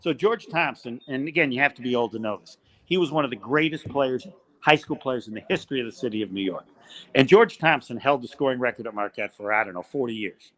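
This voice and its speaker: An older man, a college basketball play-by-play announcer, telling animated stories as a podcast guest. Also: mid-range voice, fast talker. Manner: animated storyteller, acts out quoted voices. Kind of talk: storytelling in a podcast interview.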